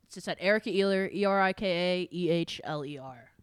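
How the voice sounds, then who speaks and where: A woman's voice: fairly low pitch, brisk, clean tone. A woman guest on a podcast, chatting casually and laughing at herself. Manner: laughing, self-deprecating. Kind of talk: casual chat.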